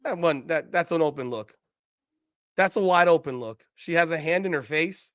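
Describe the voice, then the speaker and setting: A man's voice: a little high, normal speed, a bit bright, smooth, no echo, lo-fi sound. A man hosting a podcast, giving heated, profane sports commentary over game footage and repeating himself in disbelief. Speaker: podcast host.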